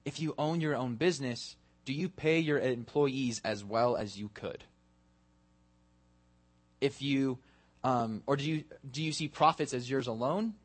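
In a church sanctuary, a man preaches a sermon, putting earnest questions to his congregation before leading them in prayer. His voice is medium-pitched and his pace measured.

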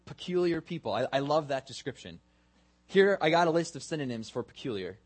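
A pastor preaching a sermon in a relaxed, conversational way, asking his listeners questions and joking about himself. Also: a little high, fairly quick. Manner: casual and self-deprecating, asks the congregation questions.

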